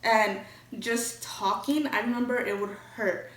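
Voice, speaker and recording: A woman's voice: a little high, unhurried, a little hiss or hum. Casual young woman telling a story. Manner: candid, chatty, swears freely. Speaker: vlogger. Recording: roomy echo, from a distance.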